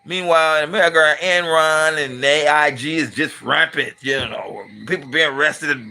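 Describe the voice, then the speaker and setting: A man's voice: a little high, fairly even intonation, normal speed, pushed and bright. A middle-aged man from California, hosting his channel with a casual, blunt and emphatic opinionated monologue. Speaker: channel host and commentator.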